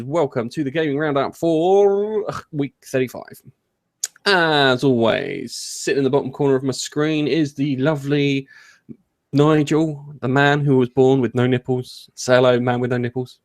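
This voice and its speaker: A man's voice: mid-range voice, moderate pace. A man hosting a casual gaming news chat, rambling, jokey and often interrupting himself. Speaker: host.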